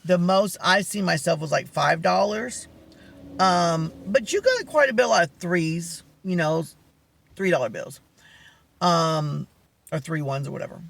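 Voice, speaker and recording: A man's voice: on the high side, lively intonation, measured pace, vocal fry, fairly bright tone. A young man casually telling a long personal story, rambling with many fillers and acting out phone calls.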